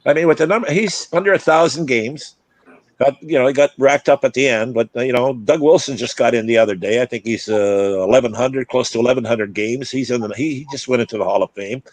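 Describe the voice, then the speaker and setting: Older male ex-athlete, chatty storyteller with many restarts, medium pitch, dry recording. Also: brisk, no room sound. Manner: rambling, stumbling restarts, acts out quotes. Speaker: former hockey player and broadcaster. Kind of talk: casual storytelling chat.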